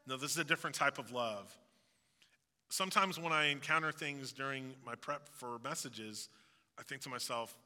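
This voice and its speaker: A man's voice: a little high, pushed and bright, big-room sound. A male pastor giving a sermon, earnest and preaching, with jokey asides.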